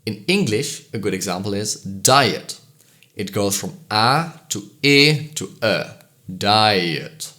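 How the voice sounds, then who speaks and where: A man giving a scripted educational voice-over, explaining pronunciation clearly and slowly sounding out example vowels. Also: lowish voice, lively intonation, bright, forceful tone. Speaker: language educator.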